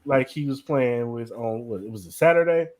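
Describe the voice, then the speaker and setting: A man's voice: medium pitch, lively intonation, moderate pace, darkish tone. A young man co-hosting a podcast, giving blunt, slangy opinions in casual chat. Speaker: podcast co-host.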